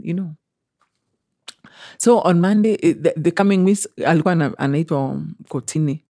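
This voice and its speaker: Young Kenyan woman, guest storyteller, warm mellow voice, dry close sound, lively quoted voices. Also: low-pitched, brisk, dry recording. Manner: animated, acts out quoted voices, mixes in Swahili. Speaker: interview guest. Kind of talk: emotional personal storytelling.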